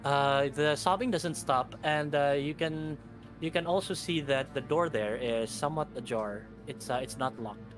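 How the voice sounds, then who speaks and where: A man's voice: fairly high pitch, moderate pace. A man running a tabletop game as game master, describing scenes in a hesitant way full of fillers and restarts. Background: background music.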